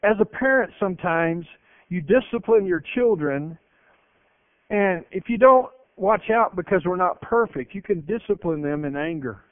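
A man's voice: high-pitched, normal speed, no echo. Emphatic preacher man, tinny dry sound. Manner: emphatic, with animated storytelling. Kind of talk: sermon. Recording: narrow phone-like broadcast sound, dry.

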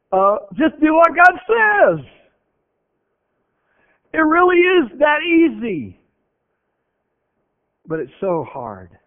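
High-voiced preacher on tinny radio. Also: male voice, huge pitch swings, slow pace, pauses often. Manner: earnest, emphatic, repeats phrases. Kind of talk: sermon. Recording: tinny phone-like radio broadcast.

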